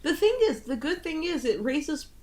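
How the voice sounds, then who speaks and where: A woman's voice: high voice, very animated, moderate pace, a little mellow. A woman co-hosting a podcast in casual chat, talking freely with lots of fillers and swearing. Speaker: podcast co-host. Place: home in Italy.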